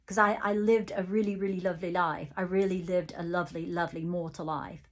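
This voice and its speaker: A woman psychic medium giving a channelled reading, relaying messages in the first person in a halting way with many restarts and gently playful, chuckling asides. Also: lowish voice, fairly even intonation.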